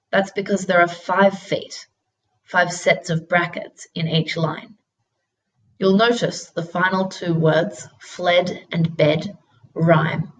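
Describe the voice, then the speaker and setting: A woman narrating a poetry lesson as a teacher, in a deliberate, instructional way. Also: lowish voice, poor audio. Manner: slow, deliberate instructional delivery.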